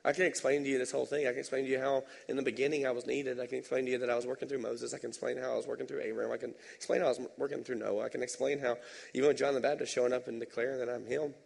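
A preacher voicing a calm, weary Jesus in a quiet, steady, repetitive way. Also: male voice, medium pitch, rapid-fire, creaky, slightly rough. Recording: long hall reverb.

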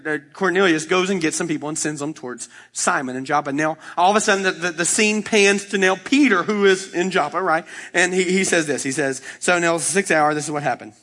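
A man's voice: on the high side, sharp tone. A male pastor preaching a sermon, reading scripture and explaining it in a casual, conversational way, acting out the quotes.

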